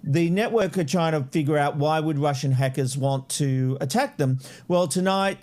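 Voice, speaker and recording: A man, his voice sitting a touch higher than most men's, talking through insider entertainment news. He speaks in a confident, chatty way, like a regular on a talk radio panel. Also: normal speed, darkish tone. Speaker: entertainment reporter.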